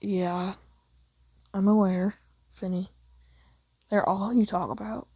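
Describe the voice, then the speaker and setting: A woman doing a quiet, shy teenage boy. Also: mid-range voice, slow, husky, no echo, muffled recording. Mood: dry. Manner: quiet, flat, mumbled. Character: shy, cool teenage boy, low-key and awkward at parties.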